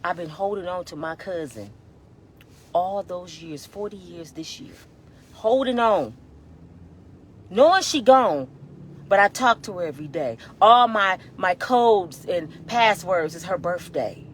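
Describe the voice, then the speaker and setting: Brief: fervent woman in her fifties, preachy motivational talk, loud-to-hushed swings, on the edge of tears, faint noise behind. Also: fairly low pitch, expressive, measured pace. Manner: emphatic, exhorting, shifts between loud and hushed; colloquial, addresses listeners as y'all. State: near tears. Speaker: inspirational vlogger.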